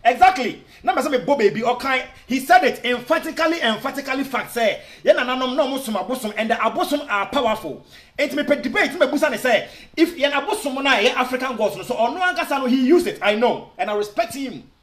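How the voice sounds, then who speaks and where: A Ghanaian man with a high voice makes his case in video commentary, switching between Twi and English. He talks in an argumentative way and keeps asking rhetorical questions. The sound bounces around an echoey room. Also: animated, fast, fairly bright tone. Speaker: online commentator.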